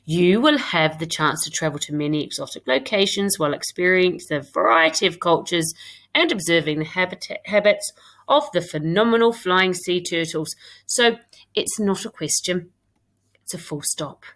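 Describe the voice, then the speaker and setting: A woman's voice: lowish voice, lively intonation, moderate pace, a bit bright. A woman with a British accent, a primary school teacher giving a recorded English lesson to young pupils. She reads her own writing aloud and talks it through step by step.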